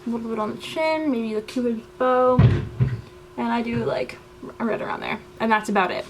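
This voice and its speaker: A young woman walks through her everyday makeup routine in a relaxed, chatty voice-over. She scatters fillers through her steps. Her voice sits a touch high, and faint noise hums behind her. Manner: chatty, step-by-step, with frequent "like". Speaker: beauty vlogger.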